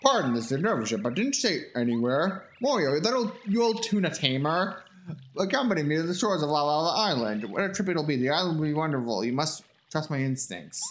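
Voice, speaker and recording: A man reading a game aloud, putting on a pompous gentleman explorer with plummy, old-fashioned phrasing. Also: a little high, big pitch swings, fairly quick, a little hiss or hum. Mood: eager.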